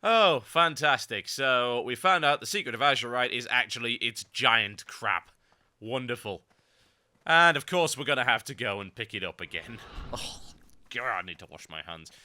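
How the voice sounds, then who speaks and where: Sarcastic guy ranting through a game walkthrough, super bright sharp voice. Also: mid-range voice, normal speed. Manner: theatrical mock-grandiose lines. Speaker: game guide commentator. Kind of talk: gameplay guide commentary. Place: voice-over recorded over game footage.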